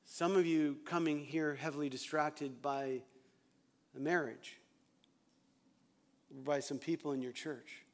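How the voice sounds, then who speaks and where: High-voiced man preaching emphatically. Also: steady tone, slow, pauses often. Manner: emphatic, repetitive, chuckling often. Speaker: pastor. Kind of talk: sermon.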